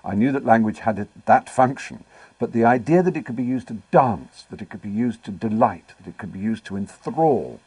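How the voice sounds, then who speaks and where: Middle-aged man, very low husky voice, dry close sound, articulate raconteur with wry asides. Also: animated, brisk, darkish tone, no echo. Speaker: interview guest. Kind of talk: anecdotal interview storytelling.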